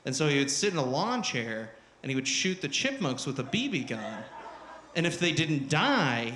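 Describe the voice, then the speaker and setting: A man performing stand-up comedy on stage, talking in a profane, animated way and shouting at the crowd. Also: sits high. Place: live comedy venue on stage. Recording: roomy live club recording.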